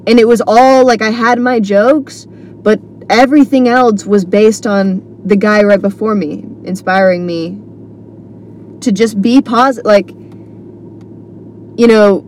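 A woman's voice: mid-range voice, darkish tone, a little hiss or hum. A woman comedian talking solo on her podcast, telling a rambling story full of fillers and restarts. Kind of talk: casual solo monologue.

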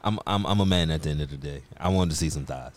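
A man co-hosting a casual sports podcast, joking and animated, rising high when worked up. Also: fast. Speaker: podcast co-host.

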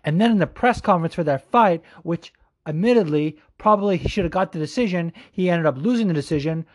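A man giving a heated, profane opinion rant as a fight commentator, talking quickly and calling the listener "dude" over and over. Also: high voice. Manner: profane, fired-up, says "dude" a lot; quick, animated delivery. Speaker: MMA commentator.

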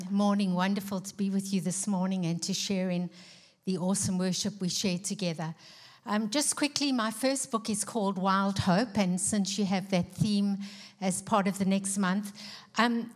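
Middle-aged woman, South African accent, earnest church testimony, pauses with um, guest speaker. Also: medium pitch, fairly even intonation. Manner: earnest storytelling with frequent ums. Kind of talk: personal testimony in a church service.

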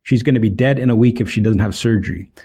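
Man, earnest storyteller, mellow warm voice, Bible testimony. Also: fairly low pitch, fast talker, husky. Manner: earnest, retells dialogue with emphasis. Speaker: street evangelist.

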